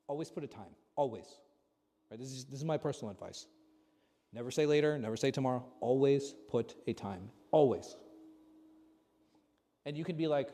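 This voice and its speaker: A man's voice: mid-range voice, expressive, a little fast, pauses often, warm tone. A man as an imam giving a conversational religious lesson, throwing rhetorical questions at his audience. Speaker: imam teaching a class. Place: large mosque hall. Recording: long hall reverb.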